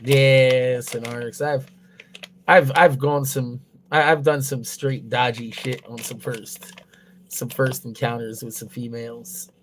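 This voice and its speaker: A man's voice: mid-range voice, steady tone, slow pace, a bit bright, a little hiss or hum. Crude, blunt young man streaming. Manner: crude, blunt and heavy on swearing; loose, rambling delivery with restarts. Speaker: livestreamer. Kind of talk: casual livestream chat.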